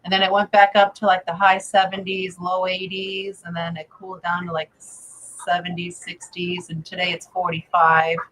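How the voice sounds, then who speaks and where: A woman from Wisconsin co-hosting a casual fish-keeping livestream, chatty and quick to laugh, reading out viewer names. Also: on the low side, monotone, a bit bright, rough recording. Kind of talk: casual chat.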